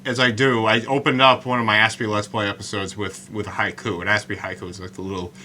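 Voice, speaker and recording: A man hosting a solo podcast about writing poetry, talking in a halting way with many stammered restarts and slowing down to recite his lines. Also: lowish voice, level tone, bright, forceful tone, a little hiss or hum. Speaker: podcast host.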